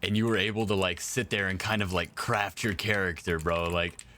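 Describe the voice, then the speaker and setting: Laid-back low-voiced gamer guy streaming. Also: fairly even intonation, moderate pace, pushed and bright, a little hiss or hum. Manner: laid-back, slangy, chatting to viewers while playing. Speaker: game streamer. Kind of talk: casual live-stream chat.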